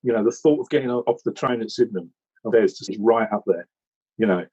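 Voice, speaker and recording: Rambling, animated Englishman with a husky voice. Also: on the low side, fairly quick, lo-fi sound. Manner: rambling, animated storytelling with many restarts. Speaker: regular commentator recalling how he joined. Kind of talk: casual chat.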